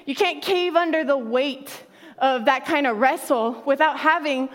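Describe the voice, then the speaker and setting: A woman's voice: high-pitched, unhurried, long reverb tail. A woman pastor preaching a sermon in a conversational way, laughing often and acting out quotes.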